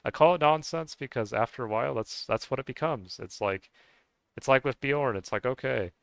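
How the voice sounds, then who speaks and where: A man from the United States with a smooth, mid-range voice speaks briskly, with no room sound. The vlogger rants casually to his viewers in a rambling way, full of restarts, fillers, and frequent swearing.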